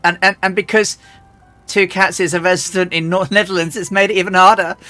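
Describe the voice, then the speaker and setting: A woman streamer chatting casually and rambling as she flies a simulator, often restarting and clearing her throat. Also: on the low side, fairly even intonation, moderate pace, fairly bright tone, no echo, faint music behind. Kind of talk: casual live-stream chat while flying a flight simulator.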